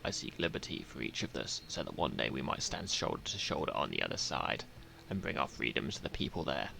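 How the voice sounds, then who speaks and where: A man voicing a very deep-voiced, grave male leader with a breathy tone. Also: big pitch swings, brisk, sharp tone, a little hiss or hum, heavily acted.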